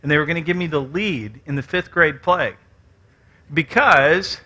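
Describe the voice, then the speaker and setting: A man from West Virginia with Southern rhythm and Canadian-like vowels, giving an animated, joking conference talk with audience questions. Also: fairly high pitch, moderate pace. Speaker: conference speaker. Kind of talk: lecture and audience Q and A.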